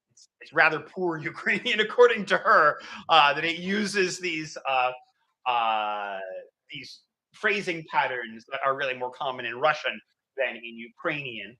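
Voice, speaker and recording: A man delivers a history lecture in a lively, wide-ranging voice. His tone is very bright and sits high for a man. He thinks aloud, stopping often on fillers. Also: low-quality recording. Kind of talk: academic lecture.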